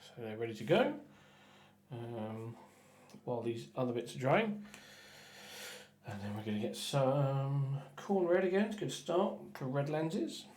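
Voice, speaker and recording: Man, casual painting stream, rambling, stumbling restarts, mid pitch, roomy echo. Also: lively intonation, measured pace, slight background noise. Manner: rambling, chatty, stumbling restarts, trailing off quietly while concentrating. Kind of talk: casual painting livestream chat.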